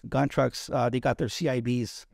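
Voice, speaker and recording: A man with a gravelly voice, recorded dry and close, tells his story as a guest on a candid interview. He is from East Los Angeles and talks bluntly and profanely, often stumbling over repeated words. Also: mid-range voice, level tone, moderate pace, a little mellow, no echo. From East Los Angeles, USA. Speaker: interview guest, Army combat veteran.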